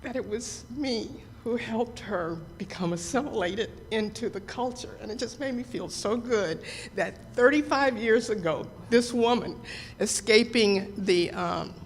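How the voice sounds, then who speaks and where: A woman's voice: fairly high pitch, measured pace. A woman congregant telling a personal story to the congregation, chatty and hesitant with fillers. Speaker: congregant sharing news. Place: church sanctuary. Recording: hall reverb with faint background noise.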